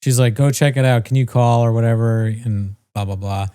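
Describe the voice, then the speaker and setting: A man's voice: medium pitch, fairly even intonation, a little fast, mellow, clear, resonant tone. A man co-hosting a podcast, casually telling a long story, swearing freely and mimicking the people in it. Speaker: podcast co-host.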